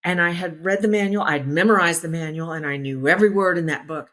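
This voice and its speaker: A woman in her sixties tells stories from her flying days, her voice sitting a little low for a woman. She talks casually and with spirit, slipping into the voices of the people she quotes and laughing easily along the way. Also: fast talker, fairly bright tone. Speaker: former naval aviator, interview guest. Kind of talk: casual anecdotal storytelling.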